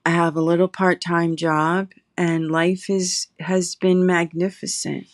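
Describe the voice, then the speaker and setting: A middle-aged woman, a guest in recovery, telling her personal story slowly and reflectively, pausing often. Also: lowish voice, level tone, dry recording, clean studio sound. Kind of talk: emotional personal testimony. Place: her apartment.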